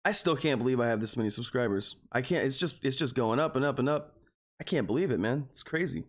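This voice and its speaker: A man's voice: medium pitch, expressive, fast. A man from Texas hosting a live trading stream, talking casually and earnestly to his viewers. He rambles and keeps calling them "guys". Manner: earnest and openly emotional. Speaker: stock trading livestreamer.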